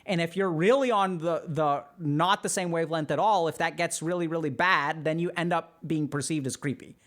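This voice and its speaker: A man's voice: on the high side, moderate pace. A man explaining ideas on a livestream in a casual, conversational way, with many fillers. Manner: animated, conversational, frequent fillers. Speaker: streamer and psychiatry educator.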